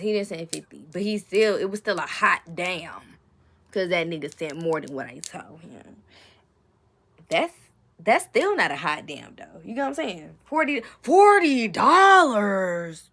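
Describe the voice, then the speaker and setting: A young woman, telling a story in a casual vlog, animated and swearing often as she acts out the quotes. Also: on the low side, moderate pace, slightly rough. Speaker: storytime vlogger.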